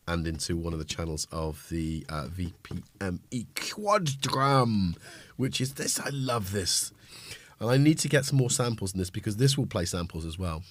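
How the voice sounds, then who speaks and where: A man with a lowish voice hosts a casual livestream from his home synth studio. He rambles cheerfully and cuts himself off mid-thought. The sound is dry and close, with little room echo. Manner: rambling, self-interrupting, chatty. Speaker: livestream host. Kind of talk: casual chat while playing synths.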